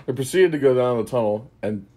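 A man's voice: mid-range voice, expressive, fairly quick, warm tone. A man narrating an improvised comic adventure story in a loose, off-the-cuff way. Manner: laughs at his own story, loose.

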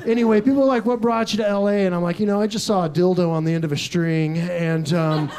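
A young man from Texas doing a live stand-up set, telling absurd stories in a deadpan way with quick asides. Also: high-pitched. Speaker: stand-up comedian. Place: comedy club stage with audience laughter.

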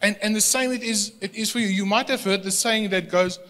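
A man preaches a sermon in a high, lifted voice. He stumbles and repeats words as he restarts, with quick bursts of acted-out scenes. With no microphone, his voice carries through a church hall with a long, echoing reverb. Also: pushed and bright. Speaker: pastor.

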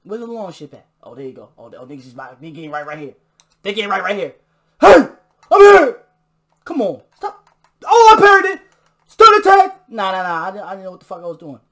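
A man giving excitable live gameplay commentary, trash-talking and bursting into shouts during fights. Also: high-pitched, fast talker. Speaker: gamer. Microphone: new desk mic.

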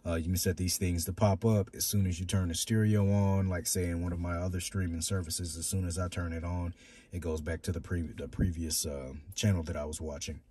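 Brisk and warm with a breathy edge, this deep-voiced car audio reviewer keeps little movement in his pitch. He demonstrates a car stereo from inside his vehicle, rambling and hesitating with plenty of fillers.

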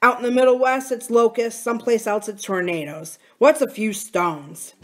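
A woman reading aloud and voicing a tired, suspicious young farmer who talks bluntly and loudly. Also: a little high, normal speed, voice pushed up, natural voice.

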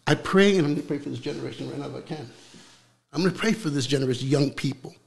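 A young man preaching with fervor in an interview, repeating words as he builds, then dropping to a hushed voice for prayer. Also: fairly high pitch, a little fast, creaky.

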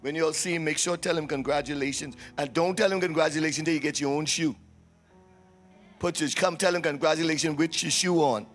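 A man's voice: fairly high pitch, fairly even intonation, a little fast, fairly bright tone, faint music behind. A man leading a church service as pastor, with announcements and prayer, teasing the congregation and calling for responses. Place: church sanctuary.

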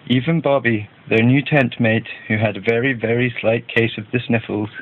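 A man narrating a children's storybook in a gentle, even read-aloud manner. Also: medium pitch, normal speed. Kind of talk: storybook reading. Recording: tinny phone-like band.

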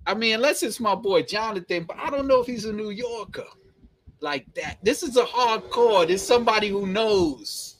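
A man's voice: sits high, moderate pace. A man with a thick New York accent hosting a casual live stream, chatting playfully and reading viewer comments aloud, repeating phrases and chuckling often.

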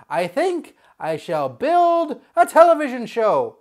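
A man's voice: high-pitched, wildly swooping pitch, takes it slowly, background noise. A man hosting a comedic unboxing video, goofy and joking, full of wordplay and mock drama.

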